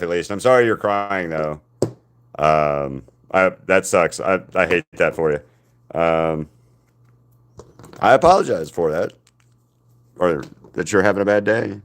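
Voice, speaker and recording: A deep-voiced man talks to his live-stream chat while he paints. His pitch swings widely as he rambles, and he pokes fun at himself. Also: lively intonation, clear, resonant tone. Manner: rambling, self-deprecating, talks to chat viewers between pauses.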